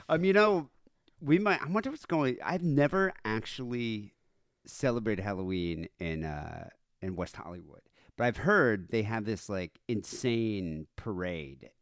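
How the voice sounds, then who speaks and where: A man in his thirties, raised in South Africa, spins animated stories on a podcast and keeps restarting his sentences. His pitch swoops up and down freely. The sound is dry and close, with no room behind him. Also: unhurried, no echo. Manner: animated storyteller, frequent restarts. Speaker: podcast co-host. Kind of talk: casual chat.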